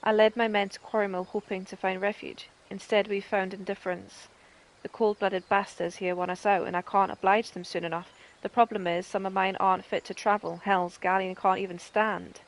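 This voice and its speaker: Northern woman voicing a bitter, forceful male rebel captain from a game, same even pitch as her own. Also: normal speed, close to an everyday voice, poor audio. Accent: Northern English. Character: proud, angry male resistance captain.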